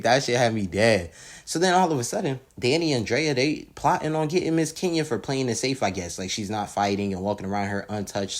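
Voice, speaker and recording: Slangy man recapping a reality show. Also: lowish voice. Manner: slangy, laughs often, animated retelling. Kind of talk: casual recap and commentary.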